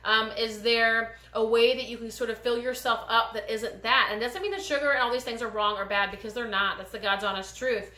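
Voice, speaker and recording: A woman giving a gentle, meandering pick-a-card tarot reading, speaking straight to her viewers with many pauses. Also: a little high, fairly even intonation, reverberant. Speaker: tarot reader.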